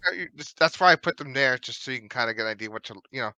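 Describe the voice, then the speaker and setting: Bright-voiced casual game master. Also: male voice, medium pitch, expressive, very fast, no echo. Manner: casual, teasing, swears offhand. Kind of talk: narrating a tabletop game over voice chat.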